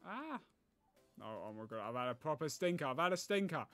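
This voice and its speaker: Man, gaming commentary, thinks aloud, pleads at the game, swinging lively pitch. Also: a little fast, soft background music. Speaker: gaming YouTuber. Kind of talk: live gameplay commentary.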